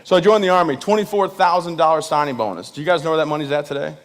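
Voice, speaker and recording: Racing along in a fairly high voice, this man in his thirties, a veteran guest speaker, entertains an audience with humorous stories. He speaks to the crowd directly and energetically, laughing at his own jokes.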